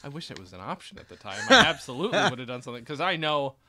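Guy cohosting a podcast, lively up and down voice, laughs a lot, swears casually. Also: mid-range voice, rapid-fire. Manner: laughs often, swears casually, animated retelling. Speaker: podcast co-host. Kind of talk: casual chat recapping a sitcom.

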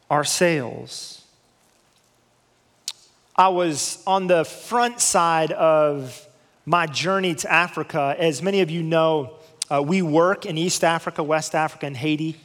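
High-voiced man preaching in a reverberant hall. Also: a bit bright. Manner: storytelling with dramatic slowdowns on key words. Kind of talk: sermon.

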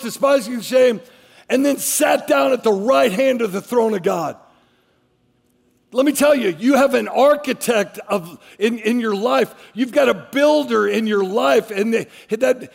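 A man's voice: extremely high pitch, gravelly, big-room sound. A man preaching a sermon as a pastor, emphatic, repeating his phrases as he drives each point home.

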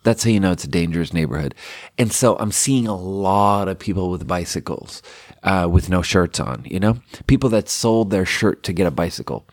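A man's voice: low voice, expressive, moderate pace, a little mellow. A man telling a long personal story in a casual, rambling way, swearing often and using lots of fillers. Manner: rambling and profane, heavy with fillers.

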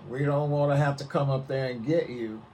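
A man's voice: mid-range voice, steady tone, a little fast, a little mellow, far from the mic, a little hiss or hum, close to an everyday voice, rough recording. An older man voicing a mob leader who tries to coax a man into giving up his gun. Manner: coaxing, persuasive. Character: smooth-talking male mob leader, coaxing.

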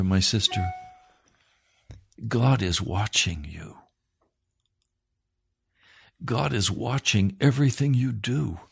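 Male preacher, sermon delivery, unhurried and emphatic, gravelly low edge, repeats lines for weight.

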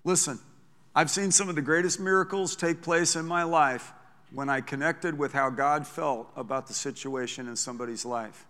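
A male pastor preaching with a bright, forceful voice pitched a little high. His delivery is conversational and animated, full of quick restarts. The sound carries a long reverb from a large church hall. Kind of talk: sermon.

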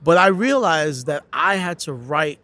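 A man's voice: on the high side, animated, a little slow, sharp tone, dry recording. A middle-aged man from New City, telling stories as a comedian guest in a casual interview, acting out quotes with frequent restarts. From New York City.

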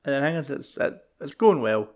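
A man's voice: medium pitch, lively intonation, a little fast, creaky, a little mellow. A Scottish man in casual film chat, mostly chipping in short agreements and swearing now and then.

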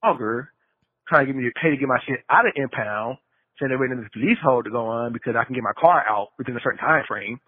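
A man's voice: medium pitch, fast. Frustrated man venting over a tinny phone line. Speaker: podcast co-host calling in. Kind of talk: casual storytelling rant.

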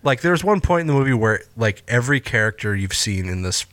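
A man's voice: mid-range voice, sing-song, a little fast, fairly bright tone, no room sound. A man co-hosting a podcast, chatting loosely about a film, incredulous and freely swearing. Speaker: podcast co-host. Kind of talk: casual film review chat.

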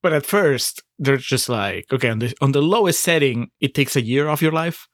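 A man's voice: mid-range voice, expressive, moderate pace, no echo, studio quality. A man co-hosting a podcast, wryly picking apart a film and laughing often. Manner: wry, laughs often, pokes holes in the plot. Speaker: podcast co-host. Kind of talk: casual movie review chat.

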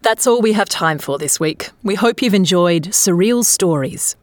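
A woman's voice: mid-range voice, lively intonation, normal speed, no room sound, clean studio sound. A woman signing off as host of a radio show. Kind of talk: scripted show sign-off.

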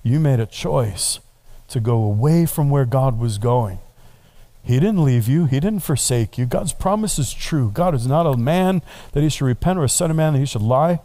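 A middle-aged male pastor preaching a sermon, telling the story in an animated way and slipping in playful asides. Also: medium pitch, moderate pace.

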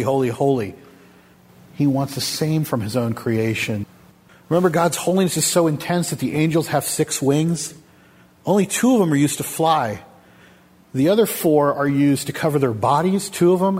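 Man, pastor, sermon, husky voice, rhetorical questions, long hall echo. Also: mid-range voice, darkish tone. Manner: emphatic, rhetorical questions to the congregation.

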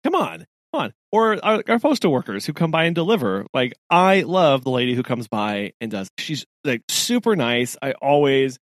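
Man, podcast co-host, casual chat, lively pitch, dry close sound. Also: normal speed, few pauses, dry recording. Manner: animated, laughing, trailing restarts.

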